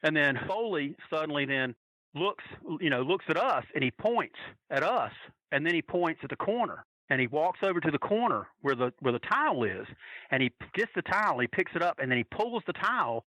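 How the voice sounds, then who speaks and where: A man from North Carolina casually telling a story as a podcast guest, animatedly acting out quotes in a higher voice. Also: sing-song, a little fast, pushed and bright, no room sound, highs cut off. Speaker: podcast guest, wrestling fan.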